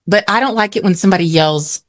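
Middle-aged woman, low-pitched for a woman, candid, self-deprecating, dry sound. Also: fast talker, dry recording. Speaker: podcast co-host. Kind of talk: casual chat.

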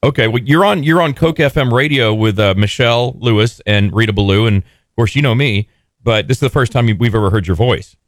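A man's voice: mid-range voice, brisk, dry recording. A man hosting a radio show from the studio, joking and teasing in banter. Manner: teasing, wisecracking.

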